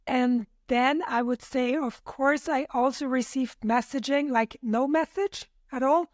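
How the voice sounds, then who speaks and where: A woman's voice: sits high, steady tone, a little slow, dry recording, studio quality. A woman, a podcast guest sharing her own experiences in a thoughtful, hesitant way with many fillers. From Austria. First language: German. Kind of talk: reflective personal conversation.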